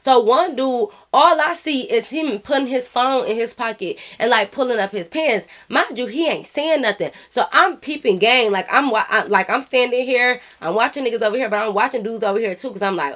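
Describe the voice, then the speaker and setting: A woman with a high voice tells a storytime straight to her viewers. She is animated and loose, swearing freely and calling her audience y'all. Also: brisk, hardly any pauses. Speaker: YouTube storyteller. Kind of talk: casual storytime vlog.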